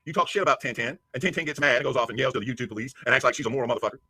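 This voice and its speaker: Man, angry profane rant, dry close sound, rapid-fire. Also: medium pitch, breathy edge, no echo. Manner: profane, aggressive, shouting insults. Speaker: livestreamer.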